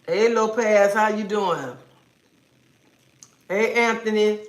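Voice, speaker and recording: A woman's voice: medium pitch, slow pace. Sassy woman chatting on a livestream. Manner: sassy, chatty, scolding viewers playfully. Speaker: livestream host. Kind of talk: casual livestream chat with viewers. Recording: roomy echo.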